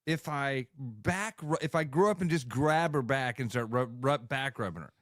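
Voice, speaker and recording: Animated laughing male radio co-host. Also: mid-range voice, moderate pace, no room sound, studio quality. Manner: laughs often, tells stories animatedly. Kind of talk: casual sports radio banter.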